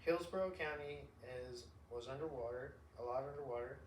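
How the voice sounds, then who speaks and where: A podcast host talks off the cuff in an emphatic, slangy, rambling way, his medium-pitched voice moving fairly quickly. The casual chat was recorded in an echoey room on a distant mic, with a little hiss or hum.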